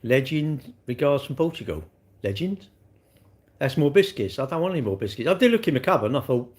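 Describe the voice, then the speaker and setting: An older man talks into his phone on a casual live stream. His manner is blunt and teasing, and he banters straight back at the chat. His voice sits at an everyday middle pitch. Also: sing-song, a little fast, darkish tone. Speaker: livestreamer.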